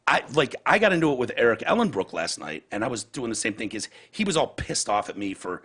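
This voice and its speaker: A man's voice: mid-range voice, very animated, fast talker, a bit bright, husky. A man hosting a podcast in casual chat, ranting heatedly and profanely and acting out other people's words. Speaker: podcast host.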